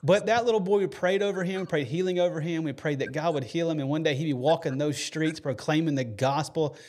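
A man's voice: a little high, fairly quick, darkish tone. A man hosting a faith podcast, telling a story earnestly and emotionally, with many fillers and restarts. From United States. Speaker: podcast host.

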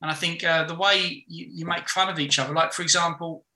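A man's voice: a little high, steady tone, a little fast, pushed and bright, reverberant, rough recording. A man, a podcast guest, chatting frankly and rambling through stories with lots of restarts. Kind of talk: casual chat.

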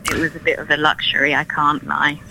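London-accented woman in her 30s, folk singer on the radio, bright lowish voice, rambly with lots of ums. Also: little pitch movement, brisk, vocal fry, slight background noise, rough recording. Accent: London English. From Ireland, raised in East London. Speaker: folk singer-songwriter guest. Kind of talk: casual radio interview.

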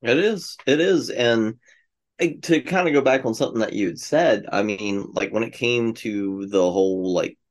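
A man co-hosting a podcast in casual chat, explaining his view in a measured way with many "like"s. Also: medium pitch. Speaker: podcast co-host.

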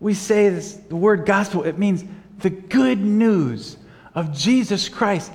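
A man with a fairly high voice preaches in a church hall, and the long reverb trails after his words. He shifts from chatty storytelling full of fillers to fervent, emphatic preaching. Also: lively intonation, takes it slowly, creaky, darkish tone. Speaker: pastor. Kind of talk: sermon.

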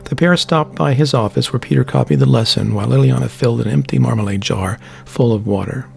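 A man reading a novel aloud as narrator, in measured, steady storytelling. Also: mid-range voice, creaky. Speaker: audiobook narrator. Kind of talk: scripted narration. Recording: faint background music.

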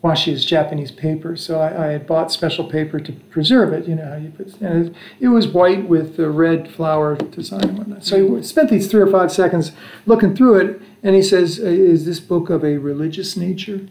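An older American man spins a rambling anecdote, pausing to restart his sentences and chuckle along the way. His voice sits a little high for a man and carries a gravelly rasp. The recording sounds roomy and echoey. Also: steady tone, a little mellow. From United States. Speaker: father telling travel stories. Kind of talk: casual anecdotal storytelling. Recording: echoey room.

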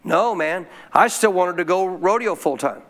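A man's voice: high-pitched, animated, moderate pace, fairly bright tone. A man preaching a sermon as pastor, who keeps calling out questions to the congregation. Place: church.

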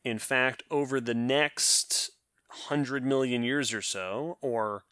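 A man's voice: medium pitch, fairly even intonation, slow, sharp tone, smooth, no echo, clean studio sound. A man co-hosting a science podcast, explaining at length and thinking aloud with restarts. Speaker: podcast co-host. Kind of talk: casual science podcast chat.

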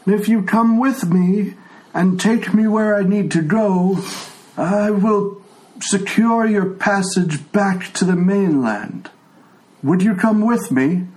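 A man's voice: high-pitched, takes it slowly, darkish tone, pitched above the performer's own voice, low-quality recording. A man voicing an old blind male tiefling who speaks politely in a raised, slightly quavering voice. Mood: courteous.

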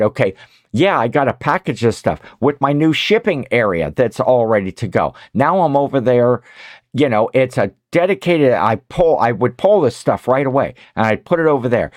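A man co-hosting a podcast, talking casually in a rambling, animated way with many restarts. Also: mid-range voice, dry recording, clean studio sound. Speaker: podcast co-host. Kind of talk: casual chat.

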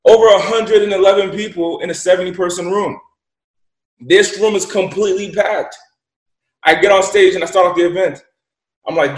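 A man's voice: high-pitched, steady tone, brisk, pauses often. A man telling a story as a guest, emphatic and profane, repeating lines for effect. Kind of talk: casual storytelling. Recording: roomy echo.

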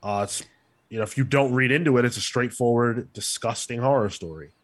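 A man's voice: medium pitch, fairly quick. A man co-hosting a comic book podcast in casual chat, musing thoughtfully with lots of fillers. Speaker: podcast co-host.

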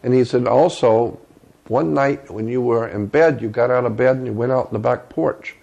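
Gravelly older man telling a story. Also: medium pitch, darkish tone, highs cut off. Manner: earnest, with halting repetitions. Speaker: interview guest. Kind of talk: first-person storytelling.

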